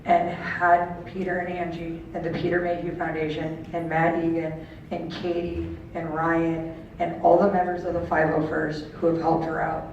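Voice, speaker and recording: A woman's voice: lowish voice, completely flat delivery, normal speed, darkish tone. Woman telling a heartfelt story in an echoing hall. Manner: heartfelt storytelling, acting out quoted voices. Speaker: speaker at a charity auction. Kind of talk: emotional personal story told to an audience. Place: large event hall. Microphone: handheld camera far from the stage. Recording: distant, dull and very echoey with faint room noise.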